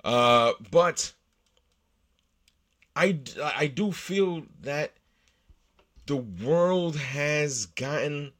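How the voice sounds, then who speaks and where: A man's voice: a little high, animated, extremely slow, pauses often, fairly bright tone. A man hosting his own show, talking solo in a rambling, profane way, with many restarts and fillers. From United States. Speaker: podcast host. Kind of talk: casual solo monologue.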